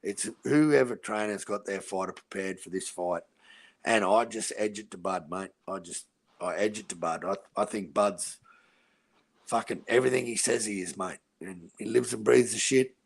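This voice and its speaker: A man's voice: fairly low pitch, moderate pace, gravelly. A man with an Australian accent, talking boxing in a blunt, profane casual chat and calling everyone mate. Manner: blunt, crude and profane, says "mate" a lot. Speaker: podcast host.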